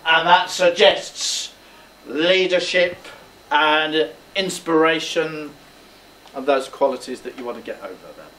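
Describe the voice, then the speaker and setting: A man's voice: a little high, a little slow, sharp tone. A male drama teacher coaching a student through a speech, encouraging him and demonstrating lines aloud. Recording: roomy, distant mic, faint background noise.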